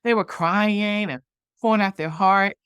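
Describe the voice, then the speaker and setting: A woman's voice: medium pitch, unhurried, fairly bright tone, clear, resonant tone, dry recording. A woman interview guest telling a personal story, animatedly acting out the dialogue from it. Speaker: guest, movement founder.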